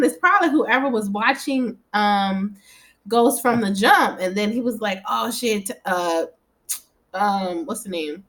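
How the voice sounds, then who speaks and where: A woman casually recapping a TV episode at home, chatty and animated, often laughing and swearing as she quotes the characters. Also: medium pitch, unhurried. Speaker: TV recap vlogger. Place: home room.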